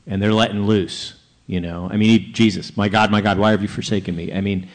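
A man's voice: on the low side, fairly even intonation, a little fast. A man on a church Q&A panel talking candidly and conversationally, now and then chuckling as he explains. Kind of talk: panel discussion.

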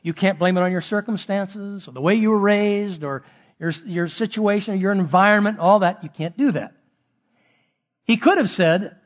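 A pastor preaching a sermon, earnest, acting out short quoted lines of a husband and wife. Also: male voice, sits high, normal speed, highs cut off.

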